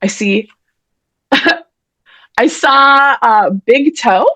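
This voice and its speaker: A woman with a fairly high voice hosts a word game, chatty and playful and quick to poke fun at herself. The sound is dry and close, as if on a video call mic. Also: bright, forceful tone, no room sound. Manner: chatty, playful, self-deprecating. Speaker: host and emcee of an online writers' event. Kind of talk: casual live-stream game hosting.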